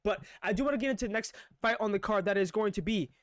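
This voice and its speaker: A man giving a live, unscripted fight breakdown as a reaction vlogger, excitable and rapid-fire, stacking up emphatic repeated phrases. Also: sits high, no echo, clean studio sound. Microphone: own microphone.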